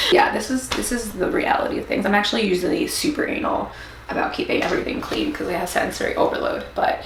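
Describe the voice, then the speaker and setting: A woman's voice: mid-range voice, creaky, recorded from a distance. A woman chats candidly in her home kitchen for a casual vlog, rambling along with plenty of fillers. She sits a good way from the camera mic. The room is echoey, with a faint hiss underneath. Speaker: vlogger.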